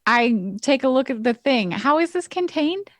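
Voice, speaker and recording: A woman's voice: high voice, expressive, moderate pace, dry recording, clean studio sound. Hesitant woman playing a tabletop game. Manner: hesitant, full of "like" and "um". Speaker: player. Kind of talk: casual tabletop play.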